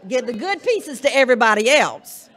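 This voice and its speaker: A woman's voice: a little high, very animated, moderate pace, fairly bright tone, some chatter behind. Folksy Southern woman minister preaching. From Southern United States. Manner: humorous, emphatic, call-and-response with congregation. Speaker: minister giving the charge. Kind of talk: folksy sermon-style charge. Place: church sanctuary at a live service.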